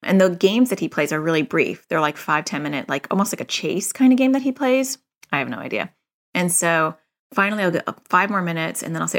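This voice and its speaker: A woman's voice: lowish voice, sing-song, brisk. A middle-aged woman hosting a parenting podcast, talking in a casual, chatty way full of "like" and "you know".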